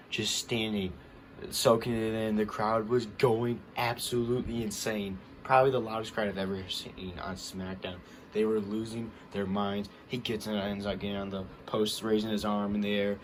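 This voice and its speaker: A young man giving an excited, rambling recap of a wrestling show, full of fillers. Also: medium pitch, a little hiss or hum. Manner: hyped, rambling, lots of fillers.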